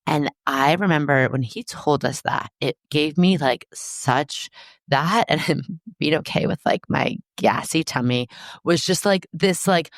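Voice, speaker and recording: A woman hosting a podcast, telling stories in a lively, self-deprecating, goofy way. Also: deep voice, measured pace, no echo, clean studio sound. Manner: animated, self-deprecating storyteller. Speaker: podcast host. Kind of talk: casual chat.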